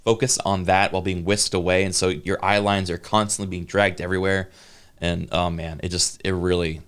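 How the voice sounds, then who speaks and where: A man co-hosting a podcast, chatting casually, often halting and searching for his words. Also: sits low, little pitch movement, a bit bright, smooth. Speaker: podcast co-host. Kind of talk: casual chat.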